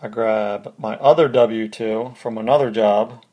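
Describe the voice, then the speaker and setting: A man's voice: lowish voice, fairly even intonation, measured pace, warm tone. A man hosting a podcast, telling a personal story in a casual, conversational way, step by step. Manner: conversational, recounts events step by step. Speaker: podcast host.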